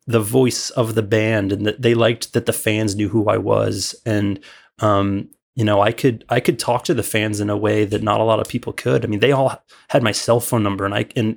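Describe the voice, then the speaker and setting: With a creaky, medium-pitched voice, this Illinois man spins a lengthy, meandering tale as a podcast guest. He keeps using fillers and restarting as he casually tells it.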